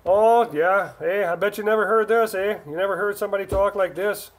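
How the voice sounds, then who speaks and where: A teasing Minnesota guy, as a man puts him on with a Minnesota accent, tagging each sentence with a long "eh?". The voice sits high and comes out loud and pushed, a playful send-up of a regional way of talking. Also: lightly acted. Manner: teasing, drawn-out "eh?" tags. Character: joking Minnesota guy mocking his own accent.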